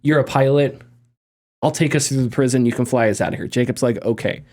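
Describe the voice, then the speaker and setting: A man talking casually on a gaming podcast, animated and rambling, often restarting his sentences. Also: mid-range voice, fairly quick. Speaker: podcast host.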